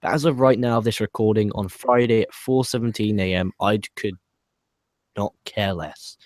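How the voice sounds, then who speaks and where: Low-voiced British man reading comments. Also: normal speed, darkish tone, no room sound, clean studio sound. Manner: reads live viewer comments aloud, wry and dismissive. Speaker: podcast co-host. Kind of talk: casual wrestling podcast chat.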